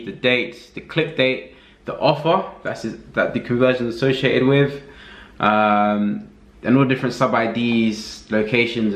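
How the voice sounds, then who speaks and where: A man giving a casual screen-recorded walkthrough as a reviewer, relaxed and thinking aloud with many fillers. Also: medium pitch. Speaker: affiliate marketing reviewer. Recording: roomy echo.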